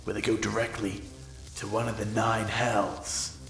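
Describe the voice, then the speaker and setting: A man's voice: fairly low pitch, level tone, measured pace, a bit bright, echoey room, faint music behind. A man voicing a violent, ruthless male cop who speaks in an intense, threatening way.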